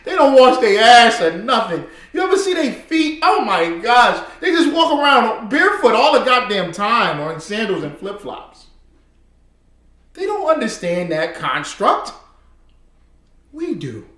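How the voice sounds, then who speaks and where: A man rants in a casual commentary, his voice pitched high and swinging wildly up and down as he works himself up. He speaks in a heated, repetitive way and keeps addressing his listeners directly. The sound is bright and cutting, with a roomy echo around it. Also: big pitch swings, measured pace.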